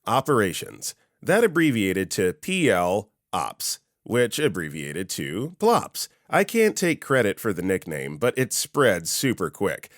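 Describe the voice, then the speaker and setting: Lively, low-voiced male story narrator. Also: no room sound, studio quality. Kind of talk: reading a Reddit story aloud.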